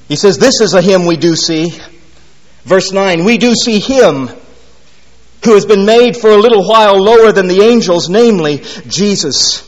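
High-voiced preacher in a reverberant hall. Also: male voice. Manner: emphatic, repeats key phrases, drops low and quiet for stress. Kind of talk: expository sermon. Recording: long reverb of a large hall.

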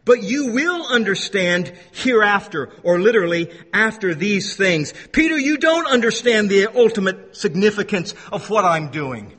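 A man's voice: high voice, animated, normal speed, hardly any pauses, fairly bright tone, husky, long reverb tail. A man preaching a sermon in an emphatic style, repeating phrases and acting out the voices he quotes. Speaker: pastor.

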